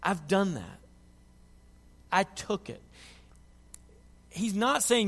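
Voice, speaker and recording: High-voiced preacher in a reverberant hall. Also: male voice, very animated, slow pace, pauses often. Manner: builds from quiet reflection to loud impassioned pleading. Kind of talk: sermon.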